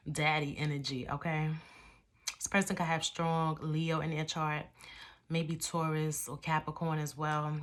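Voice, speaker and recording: A woman's voice: low voice, a little hiss or hum. A woman giving a casual tarot reading, slangy and profane, calling the listener baby and drawing out sign names. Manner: drawn-out, chanting sign names. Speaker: tarot reader.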